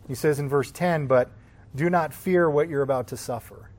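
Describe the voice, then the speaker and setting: A man with a slightly high voice leads a Sunday school class through a Bible passage. He talks loosely and informally, often turning to the class with a quick "right?". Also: darkish tone. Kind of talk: conversational Bible teaching.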